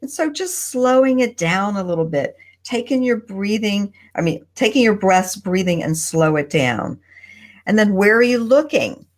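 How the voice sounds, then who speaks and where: Woman with deliberate pauses. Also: mid-range voice, lively intonation. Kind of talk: casual panel chat. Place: home desk. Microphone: video call.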